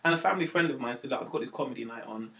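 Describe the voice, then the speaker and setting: Fast-talking comedian. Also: male voice, mid-range voice, gravelly. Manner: animated, acts out quotes with raised voice, slangy. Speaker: comedian guest. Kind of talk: casual storytelling chat.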